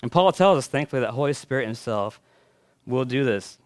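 A man preaching a sermon as a pastor. He tells a story with building phrases and hushed endings, then reflects with pauses and fillers. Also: medium pitch, lively intonation.

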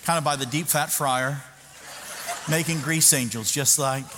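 A man, a pastor, telling a self-mocking story in a sermon, animated and full of restarts. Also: fairly high pitch, a little slow. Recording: echoey hall with background noise.

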